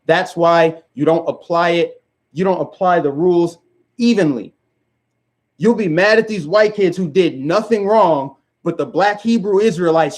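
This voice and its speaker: A man's voice: high voice, normal speed. A man giving a direct-to-camera rant as a video commentator, emphatic and firing off rhetorical questions.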